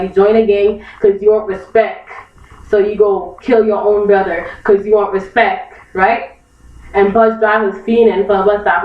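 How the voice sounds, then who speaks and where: A young woman ranting angrily to her camera, repeating her points with emphasis and mocking other people in put-on voices. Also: mid-range voice. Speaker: vlogger. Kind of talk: heated opinion rant. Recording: echoey, distant, dull lo-fi webcam recording.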